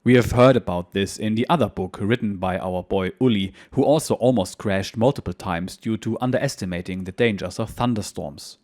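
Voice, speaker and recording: A man narrating a war memoir as a history channel host, in a steady, measured reading style. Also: lowish voice.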